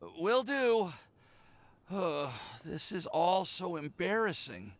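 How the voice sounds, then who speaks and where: A nervous, lovestruck young man from a game. He stammers and trips over his words whenever he is flustered. His pitch swings around a lot. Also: sing-song, slow, no echo, full character voice. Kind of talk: game voice acting.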